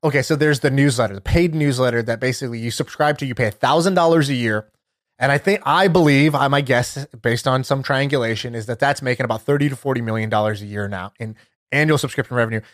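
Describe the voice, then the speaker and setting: A man co-hosting a podcast, telling a story in casual chat, lively and full of fillers like "like" and "you know". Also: mid-range voice, fast, dry recording, clean studio sound. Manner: animated storyteller, many fillers, laughs while telling. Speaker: podcast co-host.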